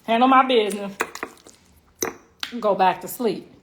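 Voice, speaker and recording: A woman hosting a casual livestream, telling loud, laughing, slangy stories. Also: mid-range voice, unhurried, a little hiss or hum. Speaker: livestream host. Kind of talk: casual live-stream chat.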